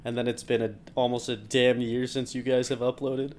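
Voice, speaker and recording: A man's voice: medium pitch, level tone, moderate pace, darkish tone. A man co-hosting a fighting-game podcast in casual chat, chatty, swearing freely and restarting his sentences. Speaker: podcast co-host.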